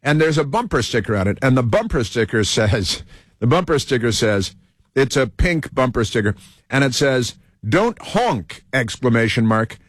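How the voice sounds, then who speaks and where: A man's voice: medium pitch, animated, moderate pace, no echo, studio quality. A man hosting a talk radio show, telling a rambling story in a casual monologue and laughing mockingly along the way.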